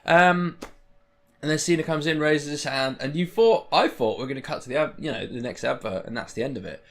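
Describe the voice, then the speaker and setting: A young man chatting casually as a vlogger, excitable and rambling, swearing freely. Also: fairly high pitch, brisk. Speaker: wrestling vlogger. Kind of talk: casual chat.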